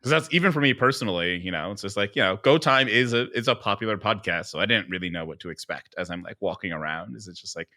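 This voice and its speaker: Bright-voiced man telling rambling stories. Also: lowish voice, fast talker, hardly any pauses. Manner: rambling, animated storytelling with many fillers. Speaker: podcast co-host. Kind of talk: casual panel chat.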